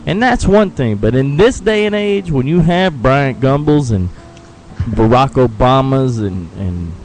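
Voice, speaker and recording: A man's voice: mid-range voice, animated, unhurried, a little mellow, soft background music, low-quality recording. A man co-hosting a casual talk radio show, speaking in an opinionated way, swearing casually and laughing often.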